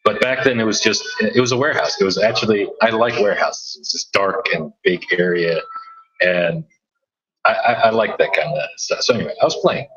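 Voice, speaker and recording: A man's voice: on the low side, lively intonation, fairly quick, a bit bright, slightly rough, muffled recording. A man, a DJ, telling a story in casual chat, rambling and restarting his sentences often. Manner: rambling with many restarts and stammers. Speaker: DJ and podcast host.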